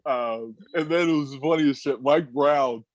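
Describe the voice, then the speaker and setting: Man, 30s, podcast guest, easygoing halting storyteller, mid-pitched, dry close sound. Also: no echo. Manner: relaxed, halting, laughing storyteller. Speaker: guest, former pro basketball player.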